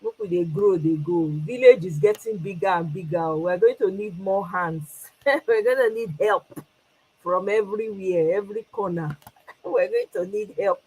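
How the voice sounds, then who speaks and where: A woman's voice: mid-range voice, normal speed, a little mellow, slightly rough, poor audio. A Nigerian woman hosting a casual livestream, greeting viewers by name and switching between English and Pidgin with frequent laughs. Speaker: livestream host.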